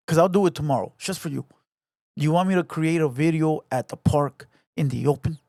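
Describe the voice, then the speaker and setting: A man delivers a heated, taunting rant to camera from a home garage. His voice sits high, and he hammers the same lines over and over. The sound is dry and close, with little room around it. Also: fairly quick, creaky, dark tone, no room sound. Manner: taunting, repetitive, confrontational. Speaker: online commentator.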